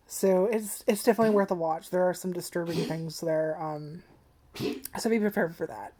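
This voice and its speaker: A woman talks straight to the camera in a loose, rambling vlog review. Her voice sits a little low and sounds soft and mellow. She swears freely, leans on "like" constantly, and gets emotional as she goes. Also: a little slow, pauses often, a little hiss or hum. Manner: rambling and profane, heavy use of "like"; emotional, tearful at times. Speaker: anime reviewer.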